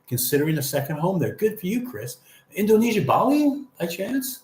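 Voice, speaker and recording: A man's voice: sits high, very animated, a little fast, a little mellow, echoey room. A man hosting a casual livestream, reading viewer comments aloud in a friendly, rambling way. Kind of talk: casual live chat.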